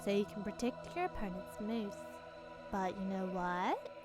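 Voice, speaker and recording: A woman voicing an eerie little girl who lectures slowly and ominously during a casual visual novel read-along. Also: medium pitch, sing-song, over music, pitched below the performer's own voice.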